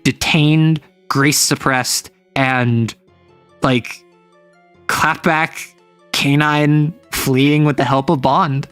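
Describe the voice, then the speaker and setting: A man's voice: fairly high pitch, fairly bright tone, no room sound. A man streaming as a game master, casually and animatedly retelling a tabletop game session in a rambling way.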